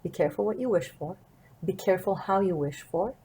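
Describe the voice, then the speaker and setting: A woman's voice: on the low side, a little fast, warm tone, a little hiss or hum, poor audio. A woman tarot reader and martial artist telling a personal story to her viewers in an earnest, reflective, wandering way. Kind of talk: casual storytelling to camera.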